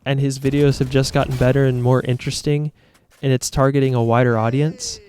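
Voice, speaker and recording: A man's voice: medium pitch, flat delivery, brisk, darkish tone. A man talking to his viewers as a YouTuber in a casual, reflective monologue, earnest, rambling and self-critical.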